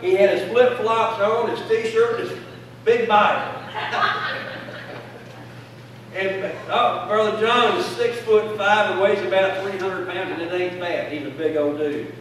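In a church sanctuary, a man with a high, fairly bright voice delivers a sermon full of fervent call-and-response. He's the pastor, heard from afar in an echoey hall. A little hiss or hum sits under the recording.

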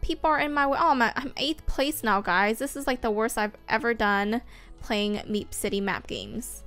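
A woman hosting a gaming video, giving excitable, casual commentary while she plays, with frequent squeals and whoops. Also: on the high side, normal speed. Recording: faint game music behind.

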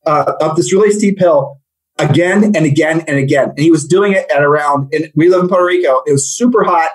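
A man who coaches real estate agents, chatting on a podcast in an animated, rambling, jokey way. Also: on the high side, husky, low-quality recording. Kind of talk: casual podcast chat.

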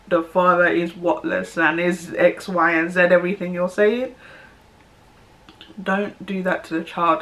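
A woman's voice: medium pitch, a bit bright. A young woman, giving her opinion in a casual vlog, emphatic and repeating her points. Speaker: vlogger.

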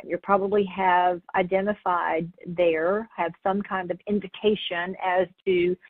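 Hoarse female webinar presenter, lowish voice, chatty explainer, phone-quality audio. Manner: conversational, explanatory. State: hoarse, losing her voice. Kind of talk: answering audience questions in a webinar.

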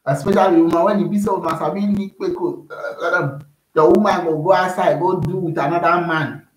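A man's voice: sits high, steady tone, a little fast, echoey room, low-quality recording. A Nigerian man talking casually to camera as a vlogger, rambling and often repeating "you understand me?".

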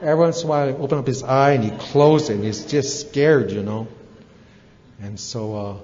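A man's voice: medium pitch, brisk, darkish tone. A man speaking at a recovery meeting, telling a folksy story in a casual, rambling way with fillers and asides. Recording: echoey hall, dull lo-fi sound.

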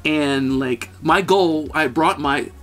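A man in his thirties co-hosting a podcast, telling a story in an animated, excitable way. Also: a little high, slow pace, faint music behind. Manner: animated, excitable, shouts at peaks. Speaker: podcast co-host. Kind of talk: casual storytelling chat.

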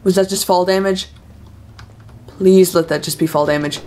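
A woman's voice: on the low side, fairly even intonation, unhurried, pauses often, a little mellow. A young woman doing nervous, self-talking commentary while playing a horror game. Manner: nervous, talks to herself and the game. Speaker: gamer.

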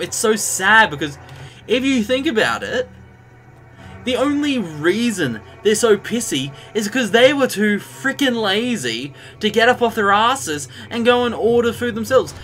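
A man's voice: sits high, bright, forceful tone, a little hiss or hum. A young Australian man streaming a game live, chatting and ranting in a casual, storytelling way. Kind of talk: live gameplay commentary. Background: game music.

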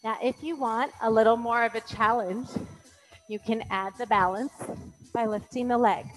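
A woman's voice: fairly high pitch, steady tone, moderate pace, soft background music, poor audio. A woman fitness instructor calling out moves in an exercise class, encouraging and counting, a little out of breath.

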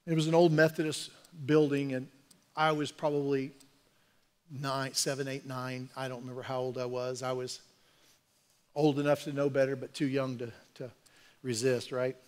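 A man preaching a sermon as pastor in a church, talking earnestly and conversationally, building to forceful exhortation. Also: mid-range voice, flat delivery, normal speed. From Oklahoma, USA. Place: church sanctuary.

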